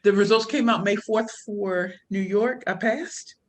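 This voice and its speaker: A woman, a podcast guest telling her life story in a casual, animated and slangy way, often voicing the people she quotes. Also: mid-range voice, unhurried, a little hiss or hum. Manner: animated, slangy, quoting others in voices. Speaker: podcast guest, pitch coach and speaker.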